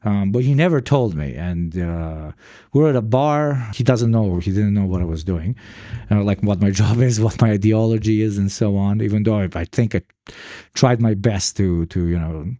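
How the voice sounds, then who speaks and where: A man's voice: on the low side, moderate pace, dry recording, studio quality. A young man hosting a livestream, telling a rambling story in casual chat and swearing freely. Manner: profane, rambling, animated storytelling.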